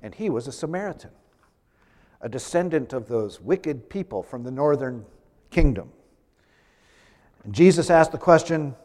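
A man's voice: a little high, lively intonation, measured pace, long pauses, darkish tone. A man preaching a sermon to a congregation, talking in a conversational way with light humorous asides. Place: church sanctuary. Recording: long church reverb.

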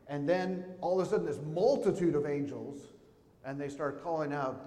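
In a church sanctuary, a middle-aged man preaches a conversational sermon as pastor, telling stories and putting questions to the congregation. His voice is a little high, warm and expressive, at normal speed. The recording has a long reverb from the echoey hall and a little hiss or hum.

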